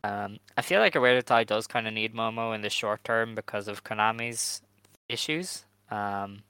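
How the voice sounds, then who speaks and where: A man hosting a casual podcast chat, talking in a relaxed, hedging way with lots of fillers. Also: lowish voice, normal speed, clean tone, dry recording, rough recording. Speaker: podcast host.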